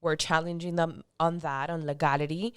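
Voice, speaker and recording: Low-voiced blunt woman, smooth and dry. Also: steady tone, normal speed, no room sound. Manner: blunt, profane and heated. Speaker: podcast guest. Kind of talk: casual podcast conversation.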